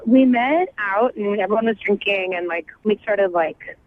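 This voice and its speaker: A woman's voice: medium pitch, moderate pace, slight background noise. A woman calling in to a radio show, talking chattily with lots of fillers over a phone line. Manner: chatty, uses lots of fillers like "like" and "you know". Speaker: caller. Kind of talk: radio call-in conversation.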